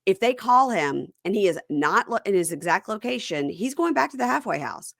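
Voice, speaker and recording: A woman co-hosting a casual chat, telling stories with lively energy and acting out what people said. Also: mid-range voice, fairly quick, vocal fry, no room sound, clean studio sound. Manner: animated storyteller who acts out quoted people in shifting voices. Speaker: podcast co-host recapping a reality show.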